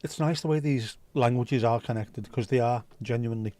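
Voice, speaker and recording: This livestream host is a man with a mid-range, dark-toned voice who talks fairly quickly. He rambles through casual chat while reading viewer comments, swearing plenty, and the sound is dry and close with no echo.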